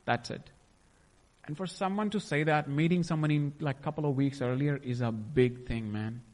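A man's voice: medium pitch, normal speed, darkish tone, long reverb tail. A young man sharing a personal faith testimony, emotional and rambling, often stopping to restart his sentences. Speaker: testimony speaker.

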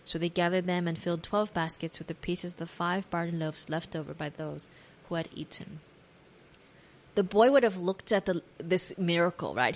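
A woman giving a devotional talk, reading scripture aloud and retelling the story imaginatively with gentle asides to the listener. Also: mid-range voice. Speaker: devotional speaker.

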